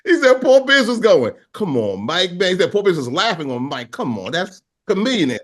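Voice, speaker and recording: A man co-hosting a podcast tells profane stories with a lively, swooping delivery. His voice sits high for a man, and he acts out the people he quotes. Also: moderate pace. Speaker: podcast co-host. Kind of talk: casual storytelling chat.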